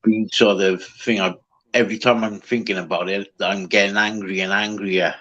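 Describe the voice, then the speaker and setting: A man calling in to a livestream, speaking haltingly with swearing and trailing "like" at the ends of his sentences. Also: lowish voice, steady tone, fairly bright tone, dull audio. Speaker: caller on a livestream. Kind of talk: casual chat.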